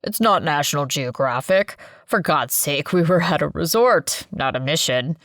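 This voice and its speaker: A woman's voice: low-pitched, lively intonation, normal speed, fairly bright tone, no echo, studio quality. A woman narrator voicing a young man, a politician's son, who brushes things off with exasperation. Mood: dismissive.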